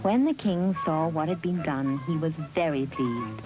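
A woman narrating a fairy tale in a measured, expressive storybook style. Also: low-pitched, loud music behind the voice, poor audio.

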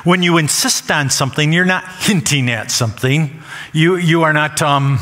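A man's voice: a little high, sharp tone. A man preaching a sermon as pastor, emphatic and repeating phrases for stress. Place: church sanctuary. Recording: long church hall reverb.

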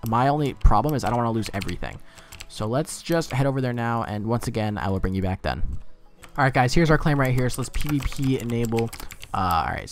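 A man giving casual gameplay commentary, rambling and swearing freely as he gets flustered. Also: medium pitch.

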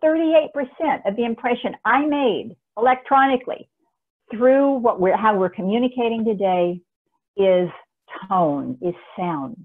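A woman speaker giving an energetic, emphatic webinar talk on communication, recorded on a laptop mic. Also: on the high side, a little slow. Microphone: laptop camera mic. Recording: tinny phone-like webinar audio.

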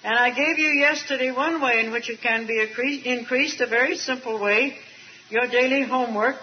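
An older woman preaching a sermon at a retreat, earnest and emphatic, drawing out key words slowly with a light aside now and then. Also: on the high side. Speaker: speaker at a Christian retreat. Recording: dull archival tape recording.

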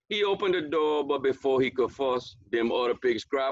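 A man's voice: fairly high pitch, lively intonation, normal speed, few pauses, a bit bright. A man reading a picture book aloud for a school story hour, in a folksy dialect with chatty asides. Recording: dull lo-fi, dry.

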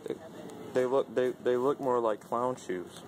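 A man's voice: medium pitch, fairly even intonation, measured pace. A man vlogging with playful, joking commentary while walking through a big retail store. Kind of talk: goofy vlog banter. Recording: noisy store ambience.

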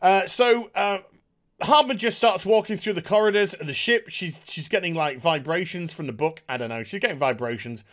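A man's voice: high-pitched, moderate pace, fairly bright tone. A man hosting a TV episode review, recapping with mocking, exasperated sarcasm. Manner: mocking, exasperated, with hesitant fillers. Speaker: TV review host.

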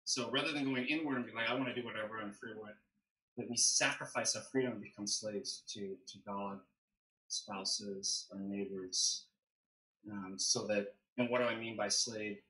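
Man, deacon guest, bright forceful voice, measured explanations, roomy echo, video call. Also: fairly low pitch, steady tone. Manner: measured, explanatory, thinking aloud. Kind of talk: livestream theology discussion. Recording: echoey room.

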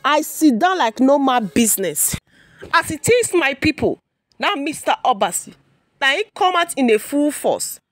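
A Nigerian woman talks through celebrity gossip in an animated, chatty way, slipping between Pidgin and English. Her voice sits high and bright. The sound is dry and close to the mic. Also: moderate pace, dry recording, faint music behind. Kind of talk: casual commentary.

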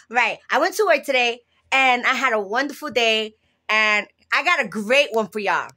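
A woman with a bright, fairly high voice chats casually to her channel. She is self-amused and jokey, and laughs often at her own stories. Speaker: vlogger. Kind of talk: casual storytelling vlog.

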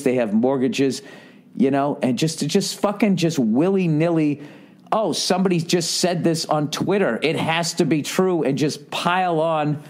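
Male podcast host, slightly high-pitched, swearing through a loose comic rant with lots of fillers. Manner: profane, animated storytelling with many fillers. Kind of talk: comedic solo podcast rant.

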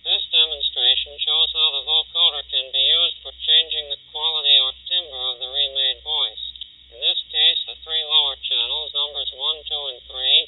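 A man reading a formal, measured technical narration for a demonstration, heard from an old transcription disc. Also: on the high side, fairly even intonation. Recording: tinny, narrow-band 1939 transcription disc.

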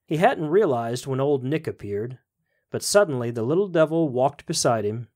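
A man podcast host reading a story aloud in a measured storytelling manner. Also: mid-range voice, lively intonation, a little mellow. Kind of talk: scripted story narration.

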